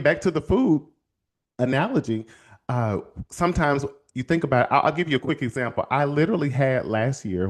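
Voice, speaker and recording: Man, American accent, inspirational host, casual storytelling, animated, excited high exclamations.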